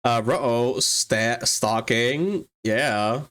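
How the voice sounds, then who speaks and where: A streamer chatting casually on a live broadcast, talking at an unhurried, drawn-out pace. Gets excited easily, laughing, cursing and leaping up in pitch mid-sentence. Speaks straight into a desk mic. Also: clear, resonant tone. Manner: excitable, swears, laughs often, big jumps in pitch. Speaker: livestreamer and 3D artist. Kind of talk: casual livestream chat.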